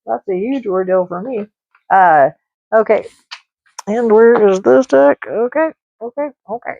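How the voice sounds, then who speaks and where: With a mid-range, creaky voice and an unhurried pace, a woman runs a live-stream tarot reading. She's rambling and emotional, using lots of fillers and repeated words. There's no echo, and the live-stream sound is dull and lo-fi.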